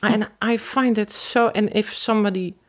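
A woman's voice: mid-range voice, steady tone, normal speed. A woman speaks as a guest in a casual podcast conversation. She is hesitant and searches for her words, often restarting her sentences as she thinks aloud.

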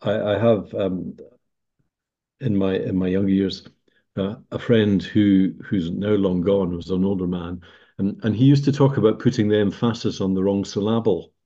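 Low-voiced older man, thoughtful and measured. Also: fairly even intonation, dark tone. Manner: measured, thoughtful, with hesitant restarts. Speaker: podcast guest, senior business leader. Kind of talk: reflective interview answers. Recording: dull lo-fi sound.

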